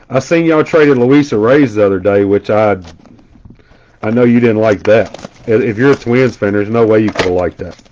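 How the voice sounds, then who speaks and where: A man's voice: mid-range voice, a little mellow, highs cut off, a little hiss or hum. A man hosting a card break on a casual live stream. He chats and tells stories as he rattles off card names.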